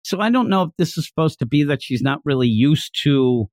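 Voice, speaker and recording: An animated man with a fairly high voice recaps a story in casual chat. He jumps into silly character voices as he goes. The sound is close and dry, with no room echo. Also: fairly quick. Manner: animated, acts out scenes in funny voices. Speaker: podcast co-host.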